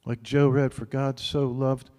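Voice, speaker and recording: A man preaching a sermon at an even middle pitch, talking to his listeners as if in conversation and often tossing in "right?". His voice carries a long hall reverb. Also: unhurried. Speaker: pastor.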